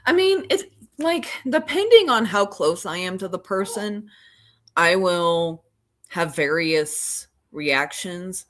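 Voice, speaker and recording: Chatty woman with a low-ish voice. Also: expressive, slow. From Oklahoma. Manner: rambling, lots of fillers and self-restarts. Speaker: podcast co-host. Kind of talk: casual chat.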